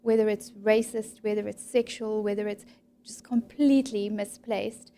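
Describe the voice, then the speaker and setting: A woman clinical psychologist explaining her practice in a calm, measured interview manner. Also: medium pitch. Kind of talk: professional interview.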